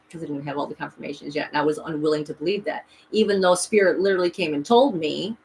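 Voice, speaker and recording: A woman's voice: deep voice, fast, darkish tone, slight background noise, poor audio. A woman vlogging a rambling, emphatic personal story, full of restarts and voices she quotes. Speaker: spiritual vlogger.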